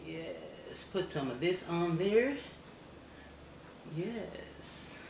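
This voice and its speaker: A woman's voice: on the low side, animated, drawn-out words. An older woman, a grandmother, cooking at home in her kitchen and chatting folksy to her viewers, often checking in with "okay?". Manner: folksy, chatty, keeps asking "okay?" and calls viewers y'all and baby. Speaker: home cook. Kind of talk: cooking demonstration vlog. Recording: echoey room with loud background noise.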